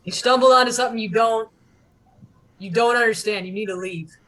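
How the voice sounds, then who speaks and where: A game master doing a gruff cursing bandit boss. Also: medium pitch, a little fast, fairly bright tone, pitched above the performer's own voice, natural voice. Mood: angry warning. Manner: cursing, urgent, bossy. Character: gruff hot-tempered male bandit leader.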